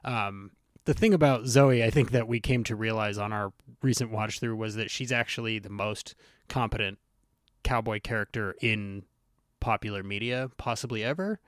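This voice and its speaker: A man hosting a podcast in casual chat, rambling and interrupting himself with lively asides. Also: on the low side, normal speed, no echo, clean studio sound. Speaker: podcast host.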